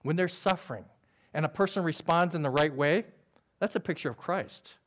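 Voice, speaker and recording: A man preaching a sermon in an earnest, conversational way, using quick everyday illustrations. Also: fairly high pitch. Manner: describes himself as sober by nature.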